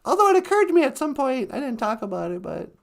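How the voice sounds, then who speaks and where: A man voicing a chatty, giggly aunty who hosts a comedic call-in show, rambling in a high, sing-song voice. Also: big pitch swings, fast, gravelly, exaggerated voice. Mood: cheerful. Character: chatty, giggly middle-aged aunty woman. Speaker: host.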